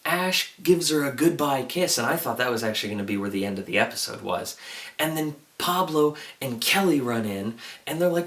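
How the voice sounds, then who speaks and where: A man retells a TV episode in a loose, excitable ramble, leaning on "like" as he goes. He sits some distance from the microphone, so his voice picks up a roomy echo. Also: mid-range voice, normal speed. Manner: chatty, excitable retelling with frequent "like" and acted-out quotes. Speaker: TV episode reviewer. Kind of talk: casual video review.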